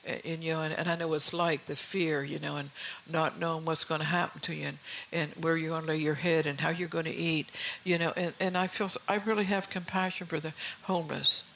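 A woman's voice: low voice, steady tone, brisk, vocal fry, fairly bright tone, slight background noise, low-quality recording. An older woman giving an informal sermon in a homey, confiding way, often saying "you know". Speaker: preacher.

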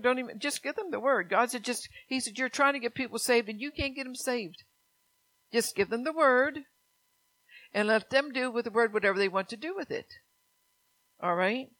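A woman's voice: mid-range voice, a bit bright, no echo. An older woman preaching a home-church sermon, rambling into chatty stories with laughs. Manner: rambling, conversational storytelling with laughs. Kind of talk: folksy sermon.

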